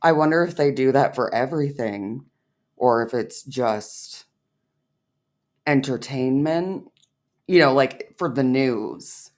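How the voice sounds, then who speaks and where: Slow, dry-toned woman co-host. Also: rumbling low, darkish tone. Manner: dry and teasing. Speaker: reaction video co-host. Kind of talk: casual reaction chat.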